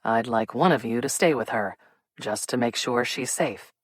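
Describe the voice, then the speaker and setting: A woman's voice: rumbling low, no room sound, pitched below the performer's own voice. A woman voicing a composed, wryly amused male police detective in an audiobook. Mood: measured. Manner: measured and dry.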